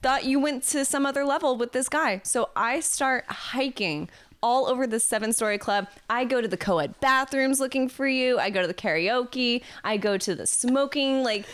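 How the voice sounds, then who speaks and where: A woman co-hosting a casual chat, telling her side of a story in an expressive, giggly way. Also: fairly high pitch, normal speed, smooth.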